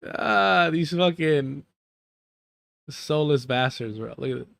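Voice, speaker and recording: A man's voice: fairly high pitch, lively intonation, slow, gravelly, fairly bright tone, no room sound. A man giving live reaction commentary on a clip, mocking and profane, breaking into laughter.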